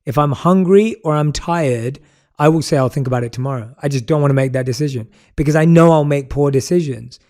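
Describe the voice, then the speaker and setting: A man hosts a conversation, his voice sitting a little high for a man. He reflects on what his guest says and affirms her points as he builds on them. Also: fairly quick, a little mellow. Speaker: podcast host. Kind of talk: conversational interview.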